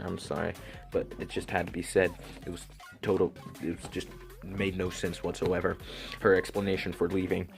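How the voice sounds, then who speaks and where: Excitable man rambling through an anime recap. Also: medium pitch. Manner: rambling excited retelling, many restarts. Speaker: anime reviewer. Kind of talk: casual plot-recap review.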